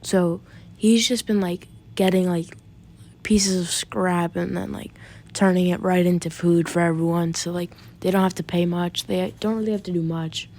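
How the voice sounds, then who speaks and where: A woman's voice: fairly low pitch, steady tone, normal speed, darkish tone. A woman retelling a fan story off the cuff, rambling and casual, with occasional swearing. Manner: rambling, many fillers and restarts, occasional swearing.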